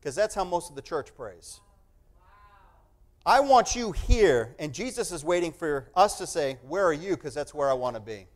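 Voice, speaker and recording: A man with a high voice preaches a sermon. He swings from hushed asides to loud, emphatic passages. He acts out the voices of the people he quotes. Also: normal speed. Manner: animated, swings from quiet to loud.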